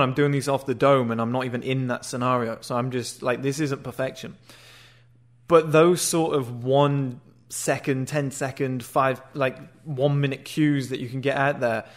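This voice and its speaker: Man, dating-advice host, blunt and crude, casual talk, mid-pitched voice. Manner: blunt, crude, conversational, acts out short greetings.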